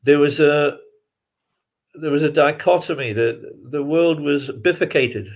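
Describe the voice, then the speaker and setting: A man's voice: fairly high pitch, unhurried, muffled recording. A man, a filmmaker guest giving long reflective interview answers with frequent restarts and chuckles. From England. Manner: reflective, rambling, chuckles often, many restarts.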